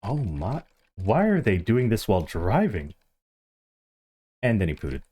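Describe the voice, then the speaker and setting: A man's voice: lowish voice, measured pace, husky. A man streaming a game, chatting casually and animatedly to the players with him. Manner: animated, yelps and laughs, chats to other players.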